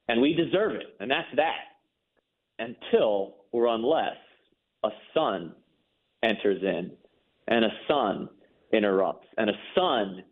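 A man telling his personal story as an interview guest, earnest and emphatic, repeating words when moved. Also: mid-range voice. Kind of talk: personal testimony in a faith interview. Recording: phone-line audio.

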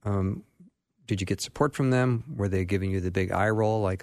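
Guy hosting a radio show, lowish voice, dry studio sound, friendly and curious. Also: normal speed, creaky, darkish tone, dry recording. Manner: friendly, curious questioning with fillers. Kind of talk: radio interview.

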